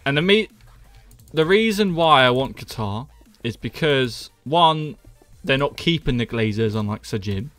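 A young man with a Doncaster Yorkshire accent chats and jokes through a live stream, laughing easily and muttering counts under his breath as he builds. His voice is bright and swings widely in pitch. Faint music and keyboard typing sit behind him. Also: expressive, a little slow, dry recording. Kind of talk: casual live-stream chat while gaming.

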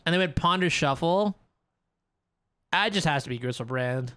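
A young adult card game player thinking aloud during a match, swearing often in frustration between calmer planning. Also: medium pitch, normal speed, clear, resonant tone. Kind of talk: live gameplay commentary, thinking aloud.

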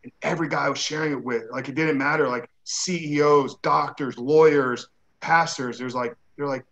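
A man's voice: fairly high pitch, steady tone, normal speed, a bit bright, lo-fi sound. A man who is a guest on an interview show, telling a personal story in a casual way. He acts out the dialogue he quotes and uses many "like" fillers.

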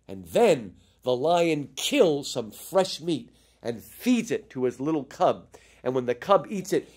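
A middle-aged man giving an animated lecture, telling stories with energy and addressing his listeners as folks. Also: on the high side, moderate pace.

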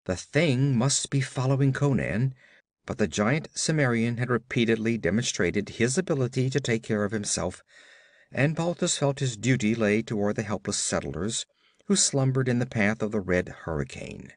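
Male audiobook narrator, dramatic and expressive, mid pitch, dry studio sound. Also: moderate pace, no echo.

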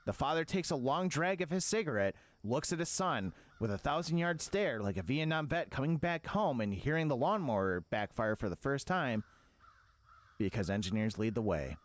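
A man's voice: medium pitch, sing-song, normal speed, no room sound. A man, a gaming streamer, doing comic role-play as a dad, talking in a mock-parental, scolding, sing-song way.

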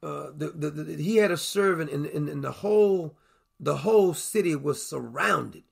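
Husky, gravelly high-voiced man preaching. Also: moderate pace. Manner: animated, repeats words and acts out the people in his stories. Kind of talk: conversational on-air sermon. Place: broadcast studio.

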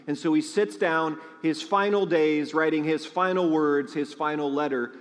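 A man's voice: on the high side, fairly even intonation, moderate pace. A man preaching to his congregation, chatty and storytelling, often asking the people questions. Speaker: pastor. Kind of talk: sermon with announcements. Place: large church sanctuary. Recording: long hall reverb.

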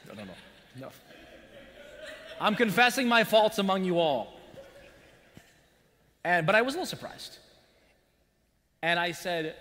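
A man preaching a sermon as pastor, telling a personal story in an animated way with buzzing sound effects. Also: sits high, unhurried, pauses often. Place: church sanctuary. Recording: long church-hall reverb.

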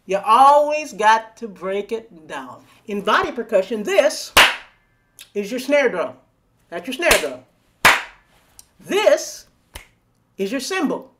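A woman's voice: a little high, big pitch swings, takes it slowly, pauses often, very noisy. A woman leading a body percussion lesson over a video call, playful and coaxing, counting and chanting rhythms aloud. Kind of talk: live online teaching. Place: home room on a video call.

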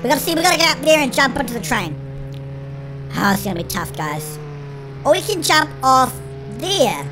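A performer voicing an excitable cartoon chipmunk in a sped-up chipmunk filter, giving panicky, shrieky game commentary as the channel host. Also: high voice, normal speed, music in the background. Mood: frantic. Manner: shrieky, panicky, constantly shouting to friends. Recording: noisy game sounds behind.

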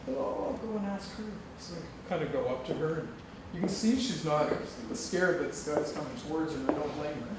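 In a noisy, echoey lecture hall on a campus, picked up from afar, a Canadian guest speaker in middle age recounts a personal story to the audience. His slightly high voice is expressive and a little fast. He acts out the conversations and often breaks into laughter.

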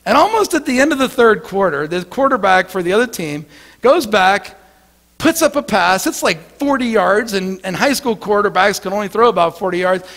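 A man's voice: high voice, lively intonation, moderate pace, fairly bright tone, in a large hall. A male pastor giving an earnest sermon, often repeating words as he starts his sentences.

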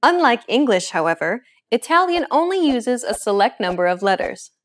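A woman's voice: fairly high pitch, sing-song, normal speed. Upbeat woman hosting a language lesson. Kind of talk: scripted lesson narration.

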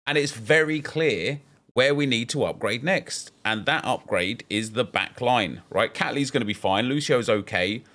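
A young man chatting casually while playing a football video game, reacting with excited outbursts and frustrated self-talk. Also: mid-range voice, moderate pace. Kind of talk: casual gameplay commentary.

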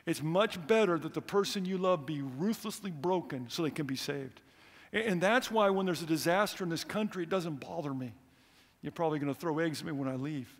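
A middle-aged male preacher tells stories from the pulpit with an animated, earnest delivery. His voice is gravelly and sits a bit high. The sound rings with the long reverb of a church hall. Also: brisk. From United States. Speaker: missionary speaker. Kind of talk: sermon.

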